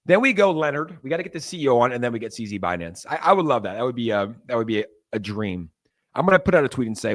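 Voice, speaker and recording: A young man hosting a crypto livestream, talking to viewers in a loose, animated, ranting way. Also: medium pitch, fast talker. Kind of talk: casual livestream talk.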